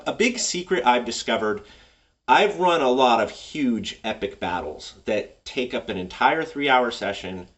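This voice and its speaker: Lively, rambling game master man. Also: fairly low pitch, distant mic. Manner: enthusiastic, rambling. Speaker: tabletop game master and video host. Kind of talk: casual advice monologue.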